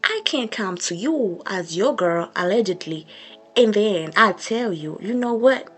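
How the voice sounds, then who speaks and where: A woman's voice: medium pitch, lively intonation, measured pace, slightly rough, soft background music. A young woman vlogger giving a sassy, emphatic storytime rant to camera, repeating her points for effect.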